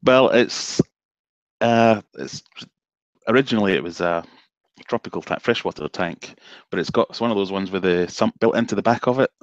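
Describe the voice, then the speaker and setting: A Scottish man with a low voice talks easily on a live stream from his home office, relaxed and a bit self-deprecating. The sound is dry and close, and the stream audio is slightly dull. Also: moderate pace, dry recording. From Scotland, south of Glasgow. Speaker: guest fishkeeper. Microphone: video call.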